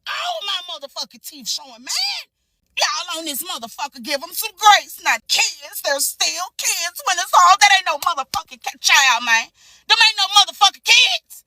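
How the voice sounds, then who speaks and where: A woman ranting angrily to her phone camera in a heated, profane reaction, swinging between shouts and low mutters. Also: lively intonation, moderate pace. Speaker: social media commentator. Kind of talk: angry reaction rant to camera.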